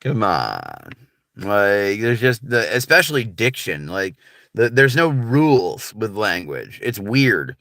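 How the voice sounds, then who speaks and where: A man's voice: lowish voice, big pitch swings, takes it slowly, bright, forceful tone, no echo, studio quality. A man with a General American accent, chatting casually on a livestream in a laid-back, rambling way full of filler words. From United States.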